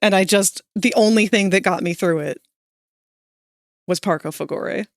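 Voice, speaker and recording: A young woman streaming live while drawing, chatting casually with her viewers, sleepy but breaking into animated, laughing bursts. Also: mid-range voice, normal speed, no echo, clean studio sound.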